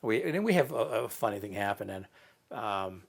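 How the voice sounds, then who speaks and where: Gravelly low-voiced man telling stories. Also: very animated. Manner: halting, many fillers and restarts. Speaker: interviewee. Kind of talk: casual storytelling.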